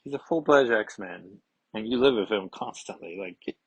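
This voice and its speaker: A man's voice: lowish voice, normal speed, gravelly, husky, no room sound, dull audio. A man casually reading a comic aloud and commenting, chatty, digressive and amused, on a close mic.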